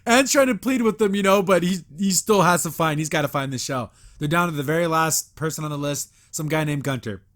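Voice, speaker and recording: A man's voice: on the high side, fairly quick, hardly any pauses, fairly bright tone. A man hosting a podcast, casually reviewing a cartoon episode, retelling scenes, quoting characters and laughing often. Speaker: podcast host.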